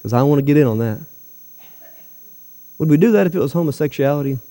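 A man's voice: a little high, animated, quick pace, dark tone. A man preaching a sermon to his church, emphatic and full of rhetorical questions to the congregation. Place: church hall. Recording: long hall reverb.

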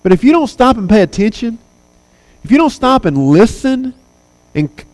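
A man's voice: extremely high pitch, big pitch swings, moderate pace, a little mellow, rough recording. A man preaching a sermon, earnest and emphatic, pressing hard on his key points.

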